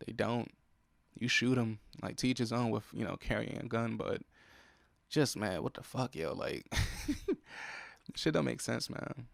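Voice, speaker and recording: A man's voice: mid-range voice, unhurried, creaky, pauses often, no echo. A young man, hosting a solo podcast and venting in an irritated, profane way about what upsets him. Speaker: podcast host. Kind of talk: solo casual podcast monologue. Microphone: close podcast mic.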